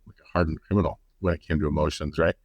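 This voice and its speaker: Deep-voiced, blunt male podcast guest. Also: steady tone, no echo. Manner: halting, blunt, swears casually. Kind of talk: casual conversational podcast.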